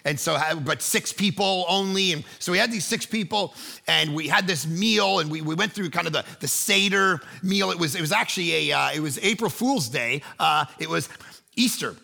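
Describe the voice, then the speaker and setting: A man preaching a sermon, telling a story that he acts out with energy and sometimes shouts. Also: a little high, moderate pace, gravelly. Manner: lively storyteller who acts out scenes, rising to shouts. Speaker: pastor.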